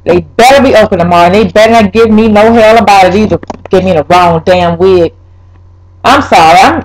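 A young woman vlogging a wig review, talking straight to her viewers, swearing and exasperated, her voice jumping up high when upset. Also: darkish tone, slight background noise, low-quality recording. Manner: pitch leaps when upset. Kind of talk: casual vlog, ranting.

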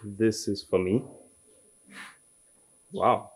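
A man's voice: lowish voice, fairly even intonation, extremely slow, darkish tone, husky, full character voice. A young man playing a surprised, hesitant teen boy who stumbles over his words.

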